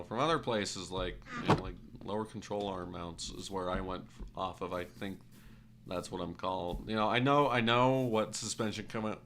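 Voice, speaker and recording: A man's voice: deep voice, noisy background. A man streaming a game while telling a rambling, self-correcting story in casual, occasionally profane speech.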